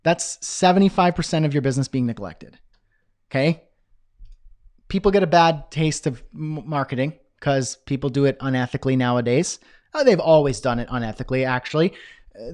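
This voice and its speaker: A man teaching a live online business course, talking in an energetic, chatty way with self-deprecating asides. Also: medium pitch. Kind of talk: live webinar presentation.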